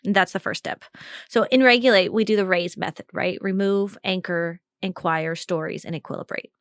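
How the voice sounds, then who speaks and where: A woman's voice: fairly low pitch, steady tone, normal speed, dry recording. Woman coach on a podcast call, chatty and upbeat, laughs a lot, dry close sound. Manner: chatty, encouraging, laughs often. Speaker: podcast host and communication coach.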